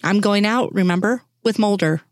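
A woman reading the lines of a calm female agent and mother who speaks softly but firmly. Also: medium pitch, normal speed, no echo, studio quality, natural voice. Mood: gentle. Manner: soft but firm.

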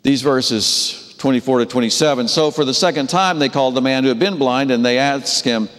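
A man preaching a sermon, telling the story with animated delivery and acting out the characters' voices. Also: medium pitch, brisk, long reverb tail. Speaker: pastor.

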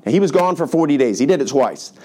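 A pastor preaching a sermon to his congregation, who tells the story in a lively, casual way and acts out the characters' voices. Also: a little high, fast. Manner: animated, colloquial storytelling with acted-out voices.

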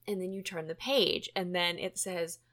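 A woman hosting a podcast in casual chat, animated and chatty with plenty of fillers. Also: on the low side, moderate pace. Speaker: podcast host.

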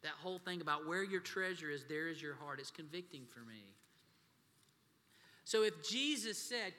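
A man's voice: fairly high pitch, lively intonation, moderate pace, sharp tone. A man preaching a sermon as pastor, telling folksy stories and talking to the congregation as y'all. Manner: folksy storytelling, addresses crowd as y'all. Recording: long hall reverb.

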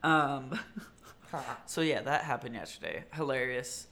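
A man's voice: on the high side, moderate pace. A man co-hosting a casual podcast chat, telling stories animatedly and laughing often while acting out other people's voices. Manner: animated storyteller who acts out others' voices. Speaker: podcast co-host.

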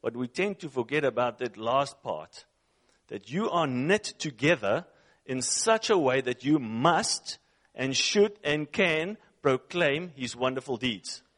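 A man's voice: medium pitch, lively intonation, takes it slowly, a bit bright. A man preaching a sermon who reads scripture aloud and speaks English as a second language, emphatic, repeating phrases and putting questions to his listeners. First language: not English.

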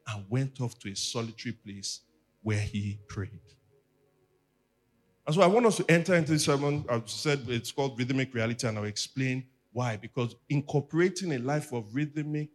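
A man's voice: mid-range voice, husky. Man preaching a sermon. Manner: teaching, asks the congregation to repeat after him. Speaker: pastor. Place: church.

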